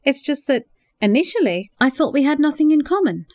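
A woman voicing a hopeful, earnest young woman in love, speaking softly and a little higher than her narration. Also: very animated, a little fast, dry recording, studio quality. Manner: earnest, emotional, sighing.

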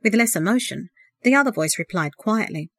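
A woman reads a novel aloud in a measured, expressive way, her voice sitting at an ordinary middle pitch. The sound is dry and close, with no room around it. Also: dry recording. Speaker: narrator. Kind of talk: audiobook narration.

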